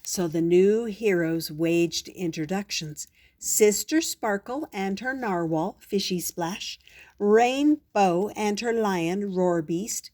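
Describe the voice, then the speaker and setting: An older woman, a grandmother, reading a children's storybook aloud in a slow, gentle way. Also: mid-range voice.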